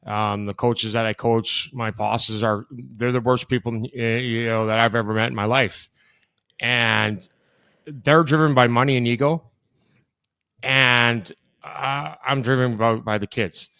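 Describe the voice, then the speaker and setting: A man's voice: medium pitch, steady tone, a little slow, creaky, sharp tone, smooth, dry recording, clean studio sound. A man who works as a hockey director, talking casually in a rambling way, filling his speech with "you know". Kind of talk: casual conversation.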